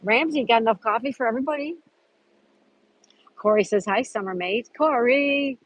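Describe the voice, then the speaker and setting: A woman's voice: a little high, normal speed, poor audio. A woman hosting a casual live stream outdoors at a park, chatting and greeting viewers by name as she reads their comments. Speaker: livestream host.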